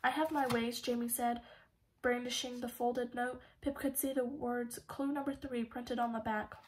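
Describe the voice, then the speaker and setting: Higher-voiced woman reading an audiobook in a level tone. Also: little pitch movement, moderate pace, rough recording. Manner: reads all the characters' dialogue in her own voice; occasional slips and restarts. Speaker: audiobook narrator.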